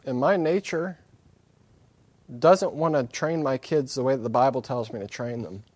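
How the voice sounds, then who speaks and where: A man's voice: medium pitch, moderate pace, a little mellow, dry recording. A man preaching a sermon, earnest and candid, driving points home with repeated phrases and slipping in self-deprecating asides. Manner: earnest and candid, with emphatic repetition.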